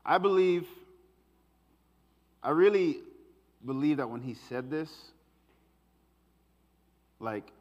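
A man preaching a conversational sermon, swinging between hushed asides and emphatic lines. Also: on the high side, expressive, slow pace, long pauses, highs cut off. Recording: long hall reverb.

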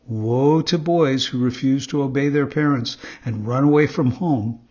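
A man voicing a wise, calm old male cricket who lectures, in a husky voice, on a dull recording. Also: medium pitch, measured pace. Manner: calm, preachy.

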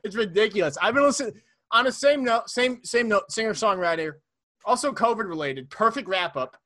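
Joking young man, bright voice. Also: high voice, fairly quick. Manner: joking, teasing, excitable. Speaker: podcast co-host. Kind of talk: casual chat.

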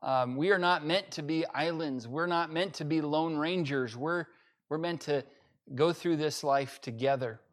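A pastor preaching an emphatic sermon to a livestream audience, repeating key phrases with frequent fillers. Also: male voice, fairly high pitch, unhurried. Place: church during livestream-only service.

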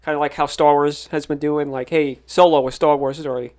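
A man's voice: on the high side, little pitch movement, brisk, darkish tone. A man who is a filmmaker and podcast guest, chatting casually in a rambling way full of fillers and restarts. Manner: rambling, filler-heavy, laughs often. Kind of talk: casual chat.

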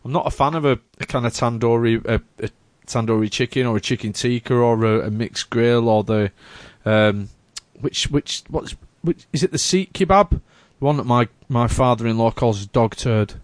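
A man's voice: medium pitch, moderate pace, few pauses, no room sound. A man hosting a casual chat, rambling and searching for his words. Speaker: podcast host.

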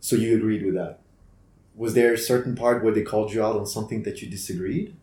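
A woman's voice: very deep voice, fairly even intonation, quick pace, mellow. A woman co-hosting an interview, asking questions with frequent encouraging mm-hmms and laughter. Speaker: podcast co-host, interviewer. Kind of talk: conversational interview. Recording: echoey room.

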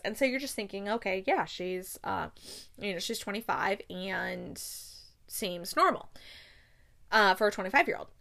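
A young woman talks through her recent reads in a loose, chatty way. She gushes openly and rambles, with plenty of fillers and false starts, at an ordinary mid-range pitch. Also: vocal fry, fairly bright tone. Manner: gushing, chatty, many fillers and restarts. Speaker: book reviewer. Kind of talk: casual book review chat.

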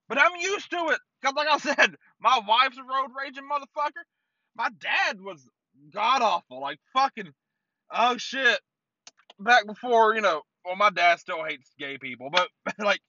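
Very high, bright-voiced ranting man. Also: no echo. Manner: rambling, heavy swearing, lots of "like". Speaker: comedic storyteller. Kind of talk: profane comedic rant. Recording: dull, dry lo-fi sound.

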